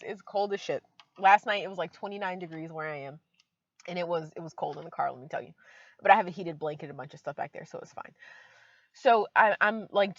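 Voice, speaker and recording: A woman's voice: fairly low pitch, no echo, highs cut off. A woman vlogging from inside her car, chatty and emotional, with many fillers. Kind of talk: casual vlog talk to camera.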